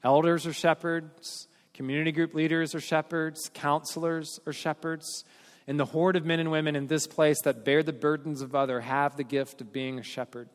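A man delivering a sermon as pastor, telling stories with energy and then speaking earnestly and softly. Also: a little high, normal speed. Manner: storytelling, animated then earnest and quiet. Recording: hall reverb.

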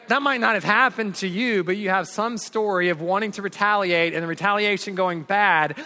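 A man in his forties preaching in a large church hall, his bright, forceful voice trailing into a long reverb. He pitches slightly high, swings from lively storytelling to hushed earnest appeals. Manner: storytelling preacher, builds up and drops to soft earnest tones. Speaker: pastor. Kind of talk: sermon.

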